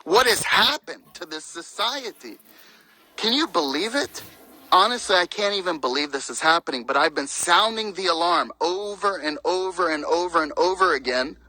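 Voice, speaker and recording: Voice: medium pitch, animated, normal speed, sharp tone, rough recording. A speaker giving an impassioned, preaching monologue, fervent and indignant, firing off one rhetorical question after another.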